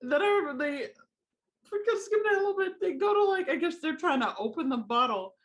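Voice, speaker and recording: A woman's voice: high voice, animated, a little fast. Laid-back woman guest co-host. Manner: laid-back, chiming in with agreement. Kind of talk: casual podcast chat recapping a soap opera.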